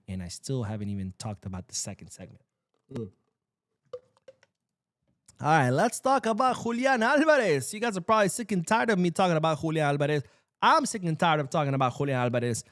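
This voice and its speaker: A man's voice: a little high, animated, fairly quick, a bit bright, no echo, clean studio sound. A man hosting a solo football news show, talking casually and sarcastically, swearing and acting out quotes. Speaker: football podcast host.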